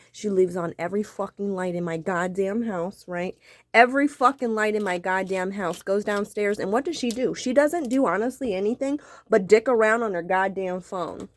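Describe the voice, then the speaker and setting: In a dry recording, a medium-pitched female vlogger tells her viewers a story as an angry rant. She's irritated, swears constantly, and keeps repeating herself.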